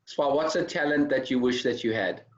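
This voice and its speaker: A man hosting an interview, asking brisk, direct questions in quick succession. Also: medium pitch. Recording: dull lo-fi recording.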